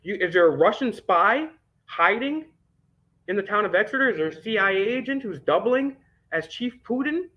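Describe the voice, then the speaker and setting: A man vlogging as an independent news host reads documents aloud, layering on sarcastic, indignant commentary and swearing often. His voice is high-pitched and expressive at a moderate pace, captured on a dull lo-fi recording.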